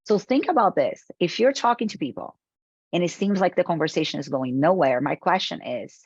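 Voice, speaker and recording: A Brazilian woman with a lowish, breathy-edged voice speaks fairly quickly while presenting a motivational sales webinar. She is animated, addresses her audience directly, and uses rhetorical questions. The recording is dry and dull.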